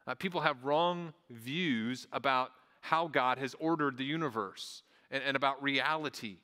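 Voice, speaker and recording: A man's voice: medium pitch, measured pace, pushed and bright, big-room sound. A man preaching a sermon in a conversational way, stumbling over restarts and adding small asides. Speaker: pastor.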